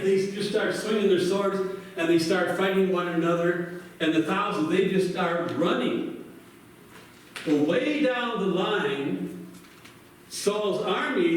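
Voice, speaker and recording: A man's voice: sits high, very echoey, distant mic, low-quality recording. A male pastor telling a Bible story in a sermon, acting out the characters' lines with animation.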